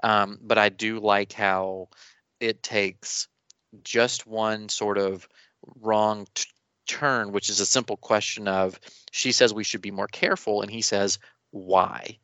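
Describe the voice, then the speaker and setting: A man co-hosting a podcast in casual chat, rambling and animated with many restarts. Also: lowish voice, slow pace, smooth, dry recording, muffled recording. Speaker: podcast co-host.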